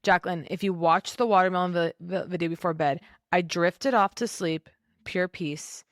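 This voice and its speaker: A woman's voice: fairly low pitch, normal speed, no room sound. Gushing woman telling stories, dry close sound. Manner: gushing, animated storyteller who acts out quotes. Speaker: podcast co-host. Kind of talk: casual chat.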